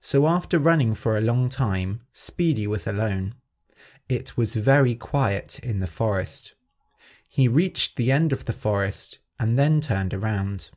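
Slow expressive male storyteller. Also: fairly low pitch. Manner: clear, expressive, carefully paced. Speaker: podcast host and storyteller. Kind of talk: slow storytelling for English learners.

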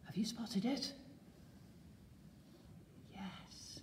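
A woman's voice: mid-range voice, lively intonation, measured pace. A woman leading a children's church session, coaxing the children with questions in a sing-song manner. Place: large church building. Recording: echoey church hall, slight noise.

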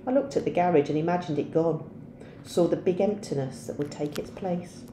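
Low, mellow woman reading a story aloud. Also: a little fast, roomy sound, a little hiss or hum. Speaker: teacher.

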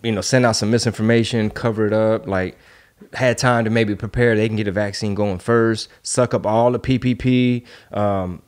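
A man's voice: fairly low pitch, steady tone, moderate pace. A man hosting a podcast in casual chat, ranting with heated rhetorical questions and loose street slang. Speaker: podcast host.

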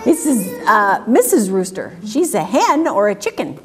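A woman reading picture books aloud at a children's story time, asking questions and making animal sounds in a slow, sing-song way. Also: mid-range voice, big pitch swings, crowd noise.

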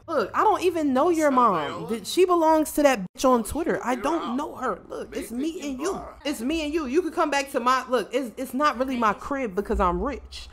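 A woman's voice: high voice, expressive, normal speed, few pauses, fairly bright tone. A woman streamer giving casual, profane let's-play commentary, often laughing and talking for her character in the first person. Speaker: gaming streamer.

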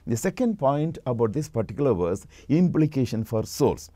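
Guy preaching a sermon, mellow dark voice, slow and deliberate, dry close sound. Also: medium pitch, very animated, dry recording. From India. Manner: measured teaching, slow and deliberate.

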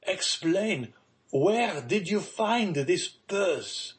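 A stunned, aging merchant father, as a male audiobook reader plays him, halting and bewildered. His voice sits somewhat above the reader's own and is pushed with mounting strain. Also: high-pitched, lively intonation, voice pushed up, full character voice. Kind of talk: audiobook character reading.

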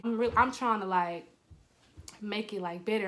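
A young adult woman telling a storytime vlog story and acting out the quotes in an animated way. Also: mid-range voice, normal speed. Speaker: vlogger.

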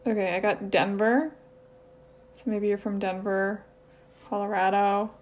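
A woman's voice: mid-range voice, flat delivery, measured pace. A woman channeling on her own in a casual, hesitant way, thinking aloud and questioning herself as she goes. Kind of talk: casual solo channeling session. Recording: slightly dull lo-fi audio with faint noise.

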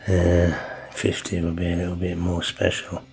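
Gravelly, low, slow-talking man. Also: monotone, darkish tone, faint music behind. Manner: teasing, affectionate, drops to a whisper at times. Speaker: brother. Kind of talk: recorded birthday message.

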